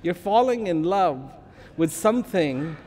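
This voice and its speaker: A man's voice: expressive, a little slow, a little mellow. A man giving a public talk in a playful, conversational way, acting out little imagined dialogues. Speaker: speaker. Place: large hall. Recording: long hall reverb, faint background rumble.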